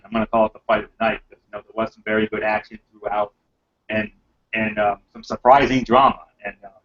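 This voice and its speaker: A man's voice: fairly low pitch, fairly bright tone. Rambling man recapping wrestling, muffled audio. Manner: rambling, filler-heavy, enthusiastic. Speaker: podcast host reviewing wrestling. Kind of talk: casual wrestling recap chat.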